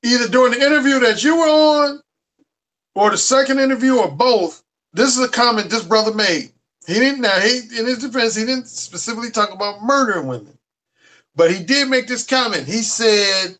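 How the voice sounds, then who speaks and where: Man, dating coach guest, high-pitched, earnest, emphatic, casual chat. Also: fairly bright tone. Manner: earnest and emphatic, stresses words slowly.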